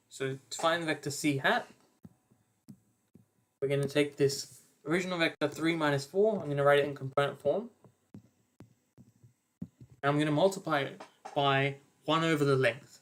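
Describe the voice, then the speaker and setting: A young man giving an online maths revision lecture, casually talking through each step of his working with fillers and quick self-corrections. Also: on the high side, fairly even intonation, a bit bright, slight background noise. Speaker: maths tutor.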